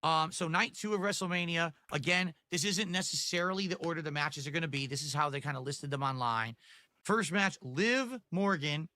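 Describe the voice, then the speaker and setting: A man's voice: fairly high pitch, normal speed, bright, forceful tone, dry recording. Chatty male wrestling stream host. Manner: chatty, asks chat for support, restarts a lot. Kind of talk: casual live-stream wrestling chat.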